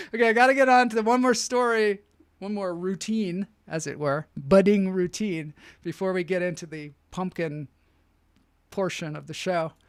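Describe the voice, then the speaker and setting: A man's voice: high voice, clear, resonant tone, no room sound. A man hosting a live online show, telling rambling comic stories and reading out the chat, often laughing at his own jokes.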